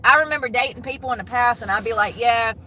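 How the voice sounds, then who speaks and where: A woman with a Southern US accent talks in a bright, tense, forward voice, frank and animated, cussing freely. She sits higher than most women. Faint car noise hums behind her. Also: quick pace. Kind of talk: casual chat.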